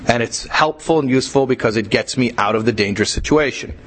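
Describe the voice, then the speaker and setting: A man's voice: medium pitch, quick pace, a bit bright, a little hiss or hum, low-quality recording. Conversational man teaching a Torah class. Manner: conversational, repeats himself, asks rhetorical questions. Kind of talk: religious class lecture.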